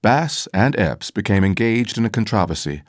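A man giving scripted first-person audiobook narration in a measured, formal storytelling manner. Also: fairly low pitch, big pitch swings, dry recording, clean studio sound.

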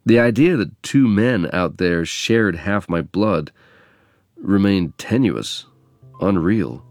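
A man from England narrating a memoir in a measured, reflective reading. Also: low voice, animated, no echo, soft background music.

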